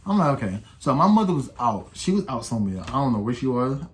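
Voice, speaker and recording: A young man of about eighteen recounts a story in loose, slangy talk, stumbling over restarts and acting out what others said. His voice sits at an ordinary middle pitch. A faint room hum runs underneath. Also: very animated, fast talker. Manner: rambling, slangy, with many restarts and acted-out quotes. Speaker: vlogger. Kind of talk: casual storytime.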